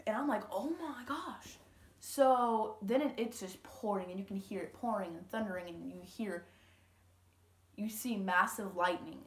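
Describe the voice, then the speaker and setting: Chatty teen girl in an echoey room. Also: medium pitch. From Louisiana, USA. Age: teens. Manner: chatty, rambling, lots of fillers and quoted dialogue. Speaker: vlogger. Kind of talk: casual storytelling vlog. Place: home room. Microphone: camera.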